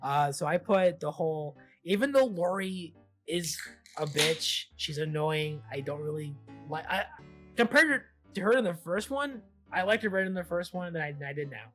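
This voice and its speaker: A man's voice: a little high, expressive, moderate pace, fairly bright tone, soft background music. A man co-hosting a casual film discussion, who chats loosely, laughs easily and swears a lot. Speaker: podcast co-host.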